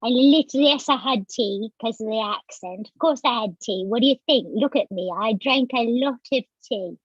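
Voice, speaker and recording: Woman voicing a brash British street chef: high, swearing, dry lo-fi sound. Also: normal speed, slightly rough, no echo. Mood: ranting. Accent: put-on British. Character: foul-mouthed British homeless woman chef.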